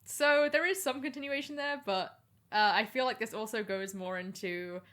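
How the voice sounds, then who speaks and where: Woman, podcast co-host, bright voice, wry, swears, casual chat. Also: fairly high pitch, moderate pace. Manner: swearing, laughing often, wry.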